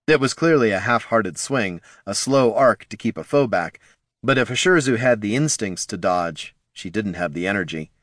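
A man narrating a fantasy audiobook in a measured, dramatic manner. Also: lowish voice, expressive, a bit bright, dry recording, clean studio sound.

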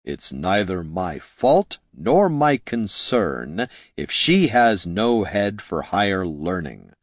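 A man voicing a haughty, condescending young male wizard who speaks in a cold, slow, disdainful way in an audiobook. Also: low-pitched, very animated, no echo, clean studio sound, exaggerated voice.

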